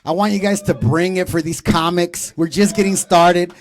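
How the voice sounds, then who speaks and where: A man in his thirties hosting a comedy show, doing loud, profane, teasing crowd work from a club stage. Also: high-pitched, steady tone, normal speed.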